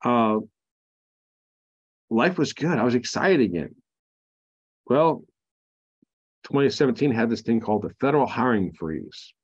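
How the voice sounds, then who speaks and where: A man's voice: medium pitch, expressive, a little slow, long pauses, slightly rough, dull audio. A man, a Marine veteran guest on a podcast, telling his own story frankly, with many fillers and restarts. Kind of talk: candid personal storytelling.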